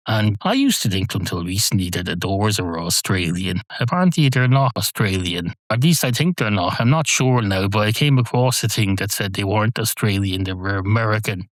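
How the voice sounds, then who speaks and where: A man's voice: on the low side, no echo. A middle-aged Irish man hosting a solo podcast, talking in a rambling, wry, digressive way. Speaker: podcast host.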